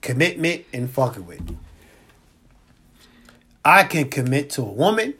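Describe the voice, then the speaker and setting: A man co-hosting a podcast in casual chat, slangy and laid-back, repeating points slowly for emphasis. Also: medium pitch, sing-song, pushed and bright, slightly rough. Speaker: podcast co-host.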